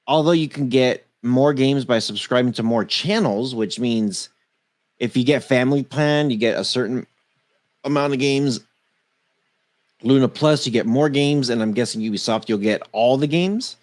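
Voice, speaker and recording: A man co-hosting a casual tech podcast, reading quickly through a long list and tripping over names. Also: mid-range voice. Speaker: podcast co-host.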